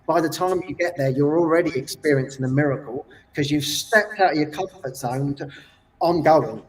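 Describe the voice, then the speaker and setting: High-voiced man telling a story. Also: normal speed. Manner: animated, laughs often, acts out quotes. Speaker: guest. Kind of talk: storytelling in casual chat. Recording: distant from the mic.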